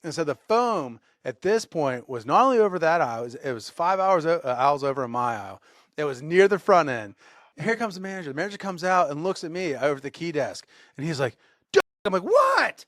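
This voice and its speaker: Guy on a podcast telling a wild work story, kinda high voice, dry close mic. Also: fast, no echo. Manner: animated storyteller, acts out shouted quotes. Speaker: podcast co-host. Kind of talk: casual storytelling.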